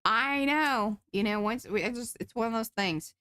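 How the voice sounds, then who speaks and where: A woman's voice: fairly high pitch, normal speed, bright, forceful tone, smooth, no room sound. Joking woman co-host, dry sound. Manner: joking, reads viewer comments aloud. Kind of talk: casual chat during a live art stream.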